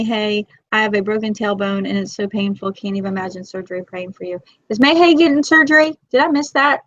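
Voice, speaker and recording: A woman in her forties hosting a casual live chat, talkative and emotional, quick to tear up. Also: medium pitch, a bit bright, no room sound. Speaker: host. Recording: dull, lo-fi, dry.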